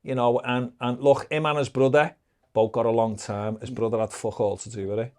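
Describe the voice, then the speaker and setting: A man's voice: medium pitch, flat delivery, brisk, darkish tone. A man with a Liverpool accent, a podcast guest telling stories in casual, heavily sworn talk, acting out the exchanges he quotes. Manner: heavy swearing, acts out quoted exchanges. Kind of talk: casual storytelling.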